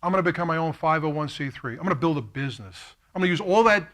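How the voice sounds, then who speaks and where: A middle-aged man, giving an impassioned keynote speech as a story, acting out the voices of others and moving from hushed to fervent. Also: a little high, fast talker. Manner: animated, quotes himself and others, swings from hushed to fervent. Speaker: keynote speaker. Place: lecture hall at a college.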